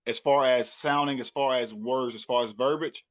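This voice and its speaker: A man with a Southern US accent, a rapper talking loosely and repeating himself in a relaxed interview chat. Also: medium pitch, normal speed. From Texas. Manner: loose, repetitive, laughing often. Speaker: rapper and podcaster guest. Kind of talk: casual chat.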